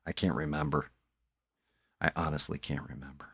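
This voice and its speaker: Man, very deep voice, laid-back chat, live-stream host, dry sound. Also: level tone, moderate pace, vocal fry, fairly bright tone, breathy edge, dry recording. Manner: laid-back storytelling with swearing.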